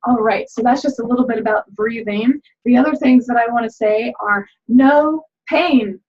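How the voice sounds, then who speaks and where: A woman's voice: a little high, normal speed, darkish tone, husky. A middle-aged woman leading a laughter yoga class, chatty and upbeat, often laughing as she explains. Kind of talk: guided laughter exercise video. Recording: dull lo-fi sound.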